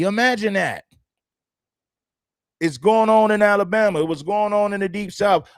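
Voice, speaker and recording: A man's voice: sits high, dry recording, studio quality. A man hosting a livestream, talking emphatically and repeating his points like a preacher. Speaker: livestream host. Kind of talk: commentary livestream.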